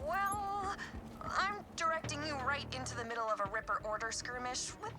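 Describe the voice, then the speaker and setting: A woman voicing a wry, high-voiced mission handler. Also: normal speed, over music, natural voice. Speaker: game character giving orders. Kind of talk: video game voice acting. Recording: game audio with background noise.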